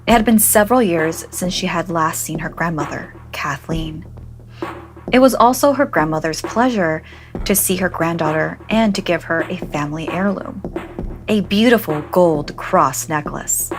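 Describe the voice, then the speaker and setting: Woman host, horror storyteller, low pitch, dramatic and measured. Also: over music. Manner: measured, dramatic, slows for suspense. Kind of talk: scripted horror narration.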